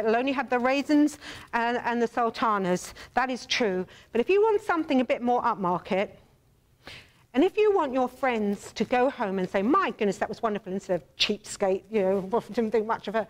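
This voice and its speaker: Animated English woman hosting a cooking show. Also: on the high side. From England. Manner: theatrical, bossy, teasing, addresses viewers as darling. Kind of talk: chatty cooking demonstration.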